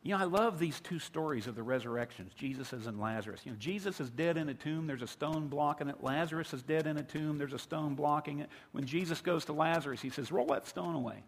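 A man's voice: fairly high pitch, brisk, hardly any pauses. A male pastor preaching a sermon, building with emphatic repetition. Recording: long hall reverb.

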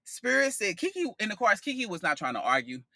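A man giving a casual tarot reading on his podcast, sassy and expressive, swearing freely. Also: high voice, quick pace, dry recording. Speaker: tarot reader.

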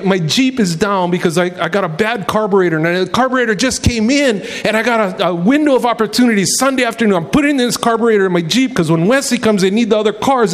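Animated high-voiced preacher man. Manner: animated, acts out quotes in voices; folksy, says "man" often. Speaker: pastor. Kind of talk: casual storytelling sermon.

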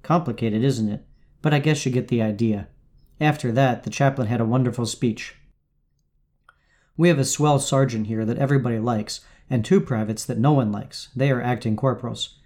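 Mellow-voiced man reading letters aloud. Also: medium pitch, normal speed.

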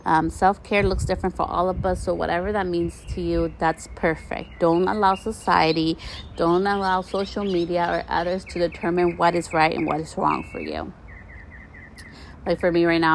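A woman in her thirties with a somewhat low voice chats to her listeners in a relaxed, encouraging podcast monologue. She records outdoors by her country house. Faint birdsong and outdoor ambience sit behind her voice. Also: moderate pace, creaky, slight background noise. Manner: warm, chatty, encouraging, addresses listeners as "you guys". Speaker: podcast host.

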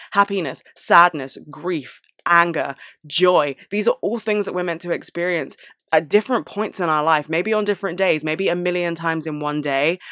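A young woman speaking candidly to camera, frank and sweary, with animated outbursts. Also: low voice, no room sound, clean studio sound. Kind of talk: candid personal monologue.

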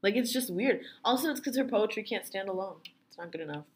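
A woman's voice: medium pitch, expressive, quick pace. A young woman co-hosting a podcast, blunt and sardonic in casual opinionated chat, with lots of "like". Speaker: podcast co-host.

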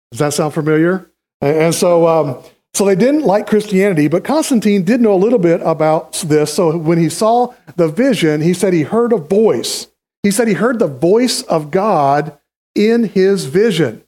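Guy preaching on a church stage, kinda higher voice, chatty, lots of uh's, bringing folks up to act stuff out. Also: a little mellow. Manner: conversational teaching, staging volunteers on stage. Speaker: pastor. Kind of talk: sermon.

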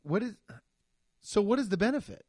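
A man's voice: high-pitched, lively intonation, a little fast, dark tone, slightly rough, no echo, clean studio sound. A man, a comedian and podcast host, telling rambling stories full of "like" and crude jokes in casual chat.

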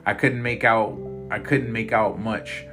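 Low-voiced man narrating a dark story. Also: fairly even intonation, unhurried. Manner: dramatic, intense. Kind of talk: first-person horror story narration. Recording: loud guitar music behind.

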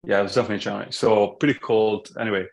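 A man from Italy, a podcast guest telling stories in a relaxed, jokey way with frequent restarts. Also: lowish voice, rapid-fire, gravelly. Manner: storytelling, jokey, many restarts. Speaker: app founder, podcast guest. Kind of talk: casual chat.

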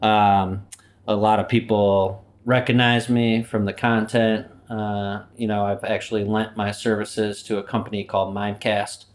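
A man's voice: on the low side, flat delivery, unhurried, lightly acted. A man playing a boastful, swaggering personification of human error in a comedic interview. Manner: swaggering, boastful, laid-back. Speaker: company anti-mascot guest.

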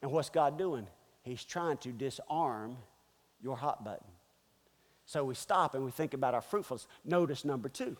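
A man's voice: mid-range voice, animated, moderate pace, big-room sound. A man preaching a sermon as pastor, firing off emphatic rhetorical questions. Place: church.

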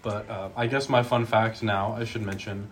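A man introducing his character at a tabletop game, halting and repeating himself. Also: fairly low pitch, steady tone, a little hiss or hum. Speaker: player. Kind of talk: casual chat.

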